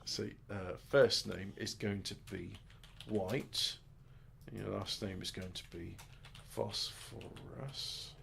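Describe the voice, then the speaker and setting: A man's voice: low voice, fairly even intonation, unhurried, creaky, fairly bright tone, slight background noise. A man giving rambling, joking let's-play commentary, muttering asides and mocking himself as he sets up his game. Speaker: gaming video host.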